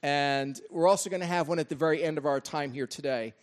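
A man's voice: on the high side, a little fast. A man pastor addressing his congregation in a friendly, conversational way. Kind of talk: sermon introduction. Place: church hall.

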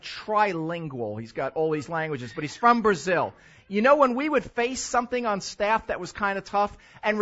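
An older man preaching a sermon as a pastor, animated, with loud emphatic stretches and quiet asides. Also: extremely high pitch, dull audio.

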